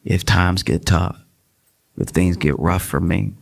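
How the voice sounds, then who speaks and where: A man's voice: low voice, takes it slowly, vocal fry. A male stand-up comedian telling a rambling, self-deprecating story on a live stage. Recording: live audience laughter and noise.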